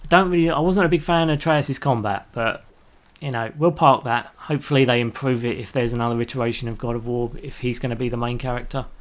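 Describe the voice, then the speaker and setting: A man's voice: medium pitch, fast talker, few pauses. A man giving casual live-stream commentary while playing a video game, rambling and chatty as he talks to his viewers. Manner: laughs easily at his own jokes.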